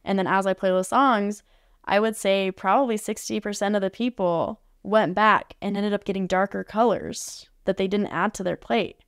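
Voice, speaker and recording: An art facilitator appearing as a podcast guest tells a story casually and chattily, dropping in lots of "like" fillers. Her mid-range voice is smooth and moderately paced, captured with studio quality and no echo.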